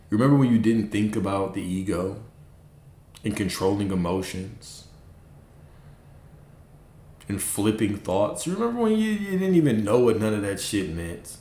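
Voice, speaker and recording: Blunt, preachy man in an echoey room. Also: warm tone. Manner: blunt, preachy, profane, mocks listeners in high put-on voices. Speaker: manifestation coach. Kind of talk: casual livestream talk.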